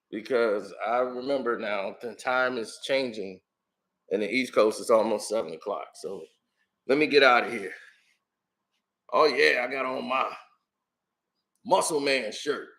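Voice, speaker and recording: An excitable man chatting on a casual stream, jumping from one topic to the next and laughing often. His voice is bright and forceful. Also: medium pitch, measured pace, long pauses. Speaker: comedian and channel host. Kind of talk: casual livestream chat.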